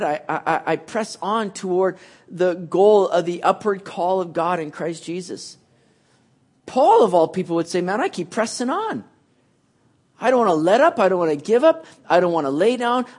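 A man's voice: high voice, a little mellow. A man preaching a sermon, telling a story with acted asides and often restarting his words. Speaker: pastor.

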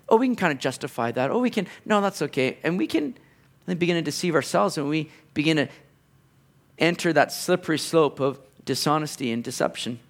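A man preaching a sermon in an earnest, conversational way, with playful asides to the congregation. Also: fairly high pitch. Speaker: pastor.

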